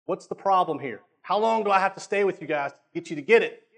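A high-pitched man delivers a sermon in a conversational style. He frequently checks in with his listeners, repeats words, and slows down to emphasize his points.

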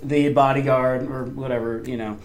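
A young man telling an excited story on a podcast, acting out quotes in a higher voice. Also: normal speed. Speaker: fan event organizer. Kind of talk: casual podcast chat.

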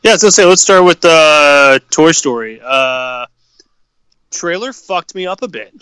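A man's voice: fairly high pitch, lively intonation, moderate pace, bright, forceful tone, smooth, no echo. A young man co-hosting a podcast, chatting in a laid-back, profane way with many hesitations. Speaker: podcast co-host. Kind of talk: casual chat.

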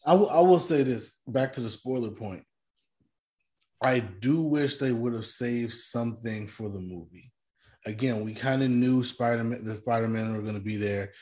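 A man co-hosting a casual movie discussion, speaking in a measured, hesitant way, often restarting his phrases. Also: medium pitch, a little mellow. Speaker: podcast co-host.

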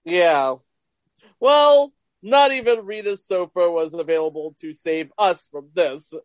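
Podcast co-host, man, high voice, dry, no room sound. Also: lively intonation, slow, dry recording. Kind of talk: casual chat.

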